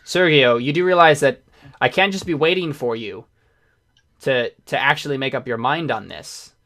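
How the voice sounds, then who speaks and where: A man's voice: mid-range voice, normal speed, a bit bright, close to an everyday voice. A man voicing a pushy, scheming recruiter in a tabletop game, pressing for an answer. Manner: pressing, insistent.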